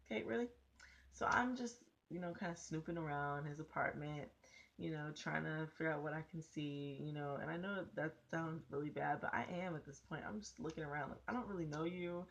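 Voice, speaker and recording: A young woman with a notably low voice tells a personal story straight to her camera. She is casual, blunt and profane, and she keeps the telling animated. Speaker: vlogger.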